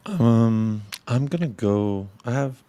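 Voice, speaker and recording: A man's voice: medium pitch, expressive, slow, dark tone, clear, resonant tone, dry recording. A man in casual fan chat, teasing and a bit hesitant.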